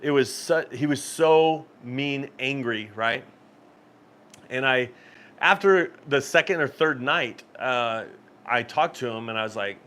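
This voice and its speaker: Man, mid-pitch, easygoing live-stream host, rambles and laughs through stories. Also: takes it slowly, pushed and bright. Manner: rambling storyteller, frequent laughs and restarts. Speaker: cruise channel host. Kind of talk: casual live-stream chat.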